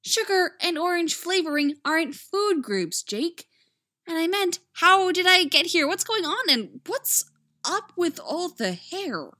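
A woman reading fan fiction aloud, voicing a frantic, anxious young woman detective with shrill, panicky outbursts. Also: big pitch swings, unhurried, sharp tone, exaggerated voice. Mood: exasperated.

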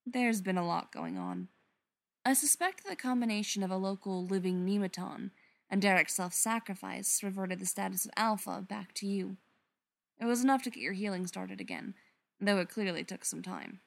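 A woman voicing a kindly older man who explains things in a measured way. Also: mid-range voice, expressive, vocal fry. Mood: calm explaining.

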